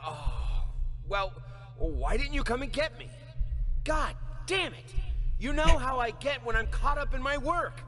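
An actor playing a troubled male painter in a video game, dazed and quick to snap in frustration. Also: very high-pitched, big pitch swings, bright, forceful tone, exaggerated voice. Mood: dazed, irritable. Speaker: game character.

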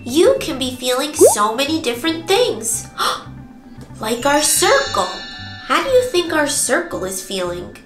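High sing-song woman teaching toddlers. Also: very animated, a little slow. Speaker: preschool teacher. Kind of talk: children's circle time lesson with songs. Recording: echoey room with music behind.

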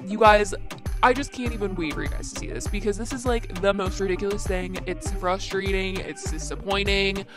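A woman's voice: medium pitch, moderate pace, music in the background. A young woman hosting a casual commentary show, exasperated, with lots of "like" fillers. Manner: exasperated, says "like" a lot. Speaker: commentary podcast host.

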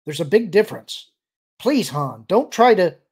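Audiobook: a man doing a tense woman leader, urgent, pleading, husky, high-lifted voice. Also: sing-song, unhurried, darkish tone, heavily acted.

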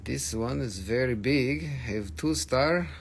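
A man hosting a live sale of stones, talking in halting, broken English with fillers while he names prices. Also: mid-range voice, vocal fry, slight background noise. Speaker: host of a live crystal sale. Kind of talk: live sales patter. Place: shop, indoors.

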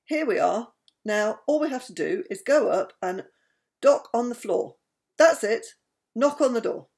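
A woman's voice: a little high, lively intonation, normal speed, a little mellow, pitched above the performer's own voice. A woman voicing a flustered leader dwarf who stumbles over his words. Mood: bossy.

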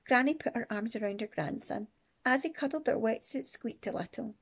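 A woman teacher reading a children's book aloud with expressive, playful asides. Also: on the high side, fairly quick, husky. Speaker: primary teacher. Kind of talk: storybook read-aloud.

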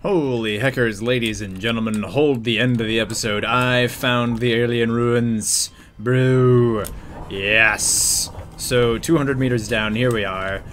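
A young man talks through a game at his desk mic in a middle-pitched voice, joking and muttering to himself. He yelps and panics when something startles him, then settles back into casual chatter. A faint hiss sits under the recording. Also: slow. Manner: excitable, jokey, yelps and mutters while playing. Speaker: gameplay commentator. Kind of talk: casual let's-play commentary.

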